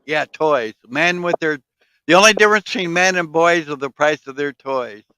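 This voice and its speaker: A man's voice: on the high side, moderate pace, pushed and bright, smooth, dry recording, low-quality recording. A man in casual chat, telling rambling stories with fillers, swearing and frequent laughter.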